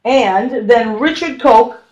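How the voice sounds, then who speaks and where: A middle-aged woman from Boston hosting a radio talk show, chatty and excitable, laughing often. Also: a little high, slow pace, dull audio. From Boston, Massachusetts. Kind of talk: casual chat.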